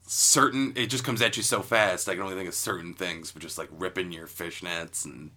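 A man's voice: sits low, steady tone, fairly quick, bright, forceful tone. A young man co-hosting a casual comedy podcast, making dry, crude jokes. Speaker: podcast co-host.

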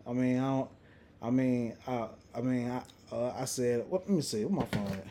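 A young man hosting a casual podcast, telling a story in a profane, animated way with lots of restarts. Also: medium pitch, normal speed, slight background noise. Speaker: podcast host. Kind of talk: casual chat.

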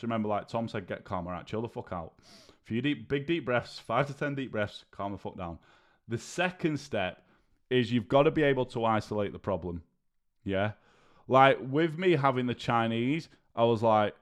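A man hosting a solo podcast as a diabetes coach, talking bluntly and casually and swearing freely. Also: medium pitch.

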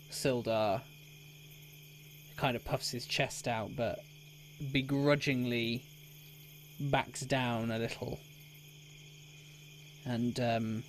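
A man running an improvised tabletop game as game master. He narrates slowly and hesitantly in a middling register, with a faint hiss under the recording. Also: medium pitch. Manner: relaxed and hesitant, with many fillers.

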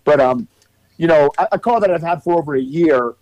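A man's voice: on the high side, fairly quick, a little mellow, no echo, rough recording. A man co-hosting a podcast in casual chat, explaining at length in a rambling way with fillers and some swearing. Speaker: podcast co-host.

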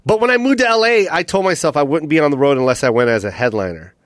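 A man in his thirties hosting a casual comedy podcast, laughing easily, egging on his guest and telling animated road stories. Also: fairly high pitch, quick pace, no echo, studio quality.

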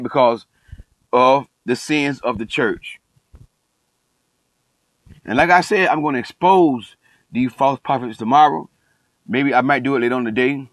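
A middle-aged man delivering a fired-up, sermon-like talk, repeating his points for emphasis. His voice sits at an ordinary pitch. The sound is dry and close, with no room echo. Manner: emphatic, repeats phrases, calls himself passionate. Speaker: coach and online commentator. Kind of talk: passionate preachy monologue.

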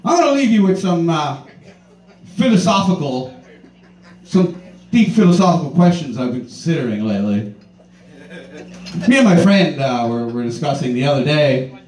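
Young male comic, profane rambling stand-up, animated delivery, roomy distant sound. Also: on the high side, normal speed, long pauses. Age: 20s. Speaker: stand-up comedian. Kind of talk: stand-up comedy set. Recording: roomy, distant mic, faint ambience.

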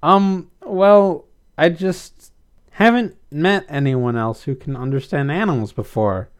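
A man voicing Blythe, an excitable young woman who talks in quick, demanding bursts. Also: fairly high pitch, clean tone, close to an everyday voice. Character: spirited young woman, jumpy.

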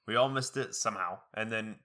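A young man and college student chatting casually, rambling with many fillers and slipping into high impressions of other people. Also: pushed and bright. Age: young adult. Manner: quick, many fillers and restarts. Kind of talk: casual chat.

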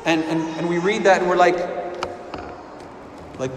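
A man's voice: high-pitched, a little slow, long pauses, slight background noise. A man preaching a sermon with earnest emphasis, often repeating and restarting words. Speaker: pastor. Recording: echoey hall with long reverb.

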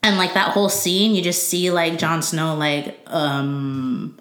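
A woman in casual chat, eagerly retelling a TV episode and acting out the characters in quick quotes. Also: deep voice. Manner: animated, acts out characters with quick "he's like" quotes. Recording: roomy echo.

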